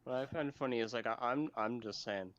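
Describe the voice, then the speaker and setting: A man chatting casually as a co-host on a stream, halting and restarting his sentences. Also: medium pitch, a bit bright, no room sound, muffled recording.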